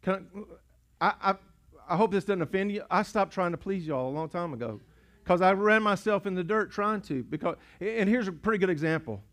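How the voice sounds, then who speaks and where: In a church sanctuary, a high-voiced pastor with a clear drawl preaches briskly into a pulpit mic. He swells from hushed, intimate asides to loud, shouted rallying lines for his congregation, repeating words as he goes.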